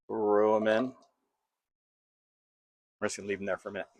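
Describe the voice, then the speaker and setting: Home cook host, male, gravelly and dry-sounding, playful running banter. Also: on the low side, flat delivery, moderate pace, darkish tone, dry recording. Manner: playful, jokey self-talk while cooking. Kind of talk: casual cooking vlog. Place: home kitchen.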